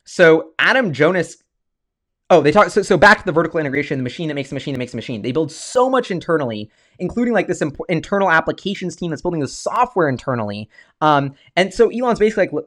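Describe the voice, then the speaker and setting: An excitable man hosts a loose livestream, talking in a rambling way and often stopping to restart his sentences. His voice sits a little higher than most men's. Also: fast talker. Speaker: stock-market video host. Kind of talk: casual livestream commentary.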